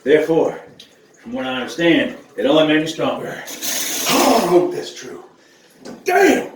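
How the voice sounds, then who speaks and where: A man's voice: fairly high pitch, lively intonation, normal speed, distant mic, noisy background. A man, talking casually to camera in a profane, joking vlog, whooping as he goes. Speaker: vlogger. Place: outdoor shower. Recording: echoey, from off the mic, with running water.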